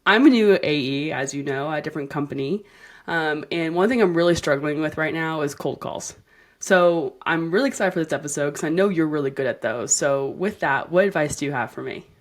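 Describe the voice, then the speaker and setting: A woman's voice: deep voice, a little fast. A woman hosting a podcast, reading an upbeat intro and then chatting and asking questions. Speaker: podcast host. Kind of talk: scripted intro then casual interview chat.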